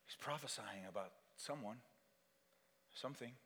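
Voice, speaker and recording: A man preaching a solemn, deliberate sermon as pastor, reading scripture and leading communion in a church. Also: lowish voice, fairly bright tone, long reverb tail. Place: church sanctuary.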